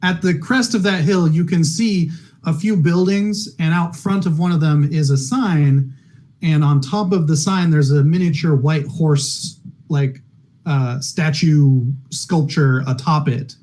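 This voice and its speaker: Slightly high-voiced male game master. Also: a little slow, darkish tone, rough recording. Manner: rambling narration with many fillers and restarts, voicing characters. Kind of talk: narrating a tabletop game.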